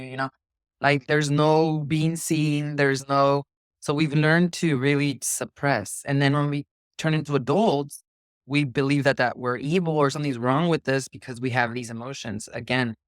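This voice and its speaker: A man's voice: mid-range voice, fairly even intonation, normal speed, clean tone, no echo. A man hosting a podcast, talking in a reflective, earnest way about forgiveness and spirituality, with frequent restarts. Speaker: podcast host. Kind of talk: casual spiritual conversation.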